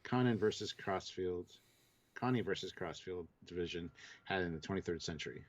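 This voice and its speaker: A man's voice: low voice, moderate pace. A man co-hosting a live stream, reading viewer names and comments aloud in a plain, matter-of-fact way. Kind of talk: casual live-stream discussion. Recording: dull lo-fi mic.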